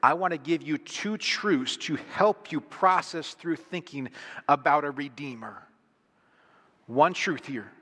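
A middle-aged man preaches with a bright, forceful voice, pressing hard on single words to drive each point home. He sounds earnest and emphatic throughout. His voice rings out with a long echo through a large church hall. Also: a little high, animated, unhurried. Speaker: pastor. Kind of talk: sermon.

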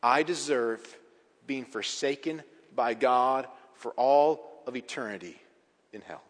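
A man preaching a sermon as a pastor, emphatic, with big swings in pitch and loudness. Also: takes it slowly. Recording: reverberant hall.

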